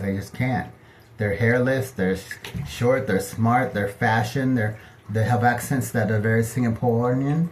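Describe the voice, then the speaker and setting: A middle-aged man telling personal stories in a casual, gossipy monologue, lively and animated as he acts out what people said. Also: mid-range voice, a little hiss or hum. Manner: chatty, gossipy, animated, acting out other people's lines. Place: home bathtub.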